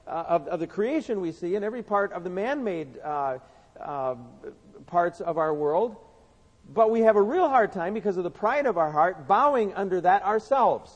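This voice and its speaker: A high-voiced man preaches in an earnest, storytelling way, circling back over his words as he builds each point. His voice rings through a large hall with a long reverb tail. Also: a little mellow. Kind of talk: sermon.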